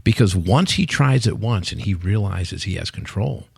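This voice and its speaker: A man in his sixties, a company CEO and guest, telling stories in an animated way and acting out quotes. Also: lowish voice, normal speed, creaky, slightly rough, no room sound, studio quality. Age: 60s. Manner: animated storyteller, acts out quotes. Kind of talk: podcast interview chat.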